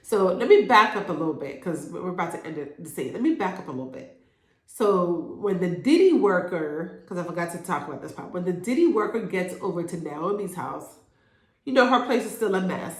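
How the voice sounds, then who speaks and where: A woman recapping a TV drama episode in a casual, animated way, speaking. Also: on the low side, brisk, reverberant. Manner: animated, acts out characters' lines in quotes. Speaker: YouTube show reviewer.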